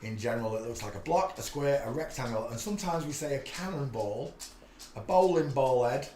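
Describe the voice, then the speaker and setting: A man's voice: mid-range voice, expressive, a little fast, warm tone, reverberant, a little hiss or hum. A man hosting a casual live stream, chatting in a rambling way with many filler sounds. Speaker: livestream host.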